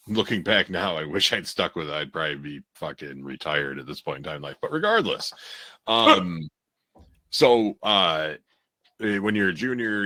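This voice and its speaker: Middle-aged male co-host, very deep voice, dry close mic, relaxed and profane. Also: no echo. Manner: laid-back, swears often. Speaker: podcast co-host. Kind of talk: casual chat.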